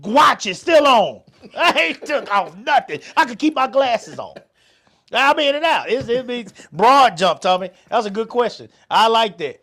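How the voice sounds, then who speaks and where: A man's voice: very high voice, very animated, a little slow, pushed and bright. A middle-aged man hosting a casual podcast chat, profane and joking, stammering and laughing often. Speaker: podcast host.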